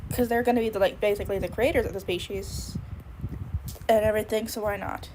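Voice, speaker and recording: A woman's voice: medium pitch, steady tone, fast talker, noisy background. A woman streamer with the hiccups, rambling casually and thinking aloud as she draws on a live stream. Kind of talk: casual drawing stream chat.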